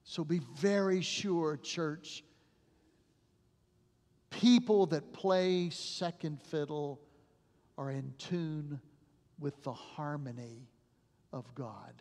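A male pastor preaching a sermon, telling stories dramatically and dropping to a hush at the ends of phrases. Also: on the high side, extremely slow, pauses often. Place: church sanctuary. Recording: long church reverb.

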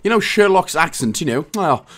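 A Welsh man gives a casual, jokey game walkthrough, chatty and often correcting himself. His medium-pitched voice is very animated and a bit bright, at a moderate pace.

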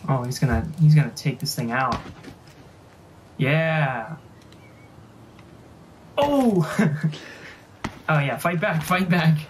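A woman with a low, lively voice reacts to funny clips in casual commentary. She talks back to the screen with quick exclamations, while her delivery stays unhurried. Music plays clearly behind her.

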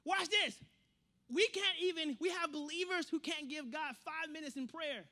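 A man preaching a sermon in an animated way, repeating phrases and acting out quotes. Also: very high voice, moderate pace.

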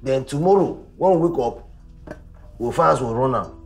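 An actor with a Nigerian Pidgin accent playing a young corps member who rambles excitedly in panic. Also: male voice, mid-range voice, normal speed, natural voice. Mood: nervous. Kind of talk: comic film acting. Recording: echoey room with film music.

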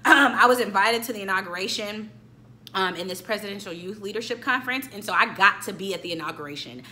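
A woman in her late twenties reviewing a film in a chatty, animated way, talking straight to her viewers. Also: medium pitch, quick pace. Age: late 20s. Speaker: YouTube movie reviewer. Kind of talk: casual chat review.

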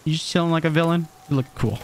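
A man streaming a game, reacting with excited, jokey commentary and frequent laughs. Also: a little high, quick pace, noisy background. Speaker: gaming streamer.

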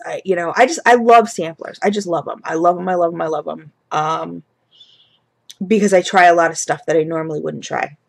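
A woman in her thirties talking casually through a product haul, chatty and rambling with lots of fillers and restarts. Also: lowish voice. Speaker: vlogger reviewing candle products.

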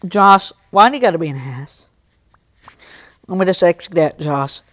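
High-voiced young man scolding his chat. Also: expressive, moderate pace, fairly bright tone, dry recording, studio quality. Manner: talks back to chat, scolding and joking. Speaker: livestreamer. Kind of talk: casual live stream chat.

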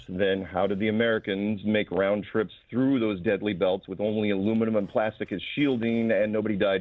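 A man calling in as a radio guest, laying out his points one by one in a brisk, argumentative way. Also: fairly low pitch, no room sound. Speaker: phone-in guest. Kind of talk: phone interview. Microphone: phone. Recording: tinny phone line.

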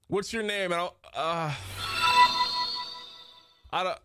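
A young man livestreaming and reacting to his chat, loud, excitable and swearing, recorded on a desk mic indoors. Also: sits high, slow, clean tone, no echo, studio quality, soft background music. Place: indoor streaming setup.

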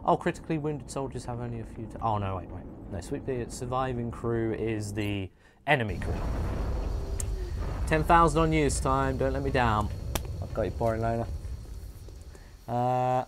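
An English man hosting a gameplay livestream, chatty and excitable, joking with his chat. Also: medium pitch, normal speed, pauses often, noisy background. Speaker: livestream host.

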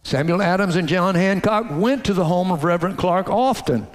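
A man preaching a sermon to his congregation in a folksy, animated way, calling out to the crowd. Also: high voice, normal speed, in a large hall. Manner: folksy, animated preaching with audience call-outs. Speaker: pastor. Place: church sanctuary.

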